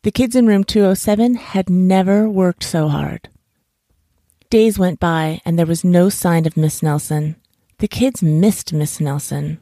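A woman reading a children's bedtime story aloud for her podcast in a calm, even way. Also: fairly low pitch, unhurried, dry recording, studio quality.

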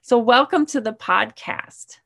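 A woman hosting a podcast, welcoming her guest and asking questions in a measured, deliberate way. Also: fairly high pitch, expressive, gravelly, a bit bright. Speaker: podcast host. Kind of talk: interview questions.

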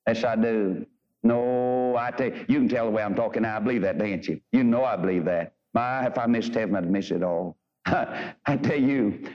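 A man preaching a fervent revival sermon in a church, swinging between quoted scripture and blunt, emphatic talk. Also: mid-range voice. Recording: dull lo-fi archival sermon recording.

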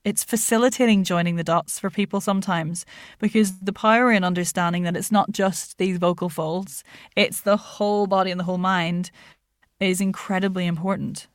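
A woman who is a voice actor and accent coach, chatting as a podcast guest in an animated way, laughing often and using many fillers. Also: lowish voice, normal speed, no room sound, studio quality. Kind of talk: casual interview chat.

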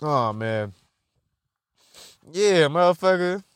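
A man's voice: on the high side, slow, clear, resonant tone, dry recording, clean studio sound. A young man in a casual rambling monologue, telling profane stories with frequent laughter. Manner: profane, laughing, animated storytelling.

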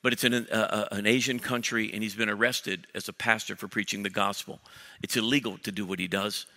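Energetic pastor in a big echoing hall. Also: male voice, on the low side, fast talker. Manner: energetic, joking, frequent restarts. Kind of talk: sermon announcements. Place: large church auditorium. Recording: long church hall reverb.

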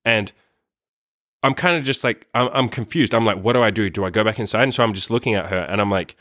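A man tells a long story straight to camera in a loose, rambling vlog style. His speech is full of "like" and casual swearing, carried on a somewhat low voice. The sound is dry, with no room echo. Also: fast, a bit bright. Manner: rambling, profane, heavy use of "like". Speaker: vlogger.

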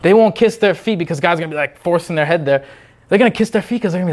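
A male preacher with a high, light voice, delivering an unscripted sermon. He talks with fervent insistence, circling back to his points again and again. Now and then he slips into short imitations of other people before returning to his own urging. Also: lively intonation, very fast, a little mellow.

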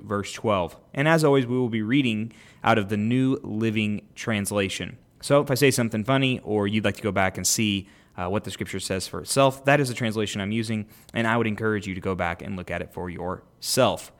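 A man reads scripture aloud on his podcast in a fairly low voice. Every so often he breaks off to comment in a relaxed, self-correcting way before picking the reading back up. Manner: casual, self-correcting, reads aloud then pauses to explain. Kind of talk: unscripted Bible reading with commentary.

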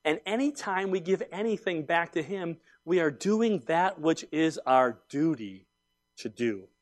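A high-pitched man in his fifties delivers a sermon built around personal stories. He talks in an animated, emphatic way, dropping into quiet asides and then rising into loud outbursts. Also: a little slow. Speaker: pastor.

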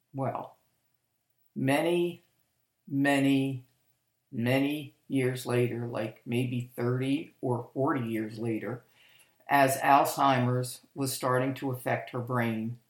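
An older woman with an extremely low voice tells her life story for a podcast, recorded at home in an echoey room. Her personal monologue is candid and rambling, and she often corrects herself.

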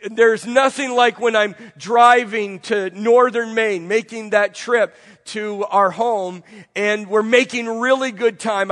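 A man delivers a sermon in a congested, fairly high voice, throwing rhetorical questions at his listeners and stacking repeated phrases. His words trail off into a long reverb. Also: fairly bright tone. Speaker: pastor. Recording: long reverb from a large room.

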